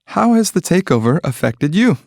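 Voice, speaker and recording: Measured man reading practice sentences. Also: on the high side, no echo, studio quality. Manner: clear, even, measured delivery of single sentences.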